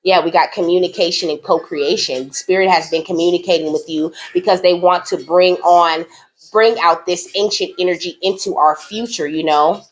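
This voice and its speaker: Lowish-voiced woman giving a cozy card reading. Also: fairly even intonation, moderate pace. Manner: tags nearly every sentence with "okay?"; affectionate, reassuring, speaks directly to the viewer. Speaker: spiritual card reader. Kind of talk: casual oracle card reading to camera.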